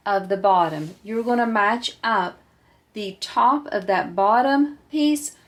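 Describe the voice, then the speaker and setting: Calm woman teaching a sewing tutorial. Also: medium pitch. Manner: calm, patient, walks through each step. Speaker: sewing instructor.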